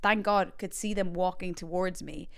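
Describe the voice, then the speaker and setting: A young woman with an Irish accent, a podcast host telling a comic story in a chatty, animated way and acting out quotes with big jumps in pitch. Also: moderate pace, clean tone. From Ireland.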